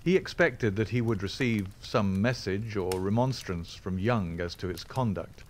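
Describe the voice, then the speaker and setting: A man reading a classic novel aloud as an audiobook, measured and steady. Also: on the low side, a little hiss or hum. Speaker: audiobook reader.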